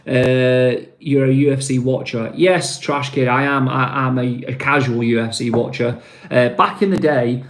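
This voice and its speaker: A man's voice: mid-range voice, fairly even intonation, unhurried, echoey room. A man from Manchester with a Mancunian accent, hosting a casual live stream, rambling with lots of fillers and calling viewers mate. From Manchester, England.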